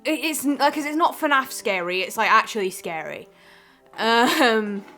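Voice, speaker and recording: A young woman co-hosting a casual chat, telling stories in an animated way and acting out her own shouts. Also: on the high side, measured pace, faint music behind. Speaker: co-host.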